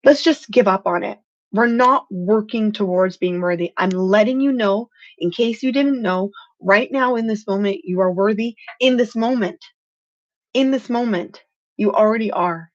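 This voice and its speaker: A woman's voice: medium pitch, normal speed, lo-fi sound. A woman hosting a motivational live stream, speaking earnestly and with feeling, stressing points with "freaking". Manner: earnest, heartfelt and emotional, says "freaking" for emphasis.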